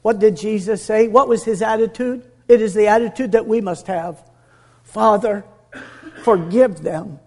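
A man preaching a sermon with earnest conviction, dropping to a hush and building to emphatic peaks. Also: sits high, a little slow.

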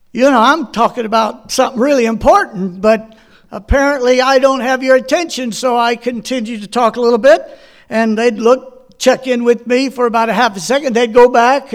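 A man's voice: very high voice, moderate pace. A middle-aged man preaching a sermon, telling folksy personal stories and asking the congregation questions. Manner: folksy storytelling with personal anecdotes. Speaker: pastor.

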